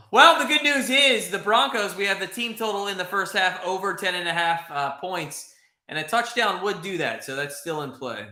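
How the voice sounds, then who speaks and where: Excitable man hosting a game watch party. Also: on the high side, roomy sound. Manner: excitable, chatty, swears, reads chat. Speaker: livestream host. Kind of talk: live watch-party commentary.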